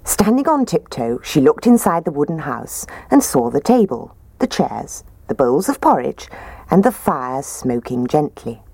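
A woman reading a children's storybook aloud in a gentle, expressive way. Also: deep voice, measured pace, creaky, breathy edge, no echo.

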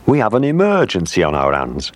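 A man's voice: sits low, wildly swooping pitch, brisk, pitched above the performer's own voice. A man voicing a worried, hurrying male royal messenger in a storybook reading. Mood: urgent. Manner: urgent, worried.

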